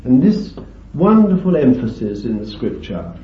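A man's voice: medium pitch, big pitch swings, slight background noise. A man preaching a sermon, reading scripture and dwelling on emphatic words. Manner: slow, deliberate Bible exposition with emphatic stresses. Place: meeting hall with a small group. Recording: echoey, distant, dull lo-fi recording.

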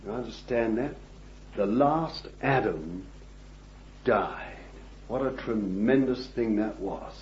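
Preacher, slow and dramatic. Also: male voice, lowish voice, slight background noise. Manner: expressive preaching, swinging from hushed to loud; addresses listeners as beloved, reads scripture aloud. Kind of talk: sermon. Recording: dull, echoey old recording.

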